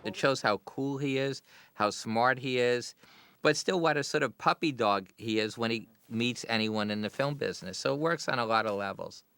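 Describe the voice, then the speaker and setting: A middle-aged man, a film director, telling relaxed anecdotes in a commentary interview. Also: medium pitch, normal speed.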